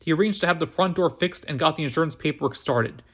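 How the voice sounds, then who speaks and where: A man reading a novel aloud on his own storytime channel, pitched a little high. He stumbles often, restarts words and repeats phrases as he goes. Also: quick pace, a bit bright. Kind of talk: amateur book reading.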